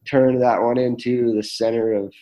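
Earnest man, mellow voice. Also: mid-range voice, fairly even intonation, moderate pace, rough recording. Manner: earnest, many fillers and restarts. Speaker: guest. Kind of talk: reflective storytelling in conversation.

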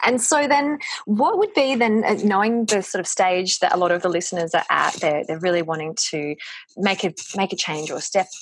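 A woman's voice: deep voice, slightly rough, no echo, low-quality recording. A woman hosting a podcast, asking long, encouraging, rambling questions. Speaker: podcast host. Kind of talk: interview questions.

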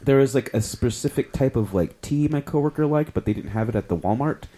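A man's voice: medium pitch, fairly quick. A man from New Mexico telling casual stories, hesitant and full of likes. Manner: animated, hesitant with many likes. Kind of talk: casual storytelling.

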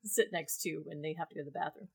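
A woman's voice: deep voice, rapid-fire, creaky, husky. A woman co-hosting a podcast in casual chat, riffing on absurd jokes. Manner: joking, riffs absurd bits, laughs often. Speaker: podcast co-host.

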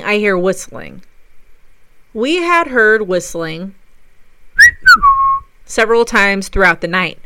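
A woman recounts a ghost investigation as a paranormal investigator, telling it with eager enthusiasm. Her voice is bright and smooth, and it sits close and dry with no room around it. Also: mid-range voice, no room sound. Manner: enthusiastic storytelling. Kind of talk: narrated recap of a ghost investigation.

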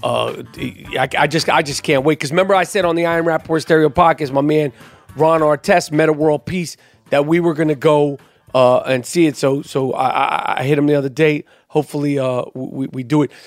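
High-voiced man, profane podcast host. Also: steady tone, brisk, no echo, soft background music. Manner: profane, heated storytelling. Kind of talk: casual chat.

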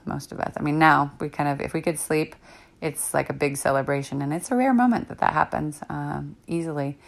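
A woman's voice: low-pitched, gravelly. A woman in her thirties hosting a parenting podcast alone, talking in a reflective, rambling way with many fillers. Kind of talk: casual solo talk.

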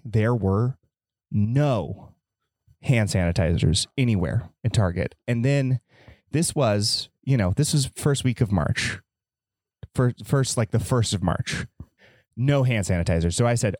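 Rambling, mock-panicked man with a low voice. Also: a little mellow, no echo, clean studio sound. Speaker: podcast host. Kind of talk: comedic podcast monologue.

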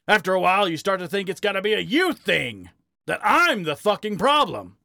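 A man's voice: medium pitch, expressive, measured pace, gravelly, a bit bright, no echo, clean studio sound, heavily acted. A man voicing a tired, bitter gay badger who growls out his grievances. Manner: growling, weary.

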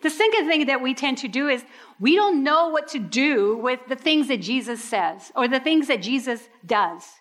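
A woman preaches a sermon animatedly, acting out people's reactions with sudden leaps in her voice. Her pitch sits high and she speaks at a normal speed.

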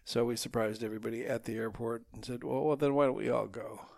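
A man in his seventies with a gravelly edge, speaking at an even middle pitch. He tells family stories with dry, teasing humor, recorded close on a mic with a dead, dry sound. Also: fast, dry recording. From Minnesota. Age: 70s. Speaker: guest, the host's father. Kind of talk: casual family interview.

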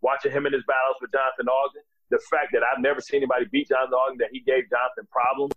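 A man in his forties from the USA, a podcast guest telling profane, animated stories and repeating filler phrases. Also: medium pitch, rapid-fire, muffled recording. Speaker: guest, former athlete. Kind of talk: animated storytelling.

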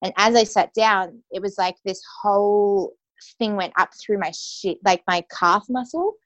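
A woman's voice: mid-range voice, measured pace, no echo, highs cut off. A young adult woman telling a personal story as an interview guest, casual and full of "like" and "you know". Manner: casual, heavy use of "like" and "you know" fillers.

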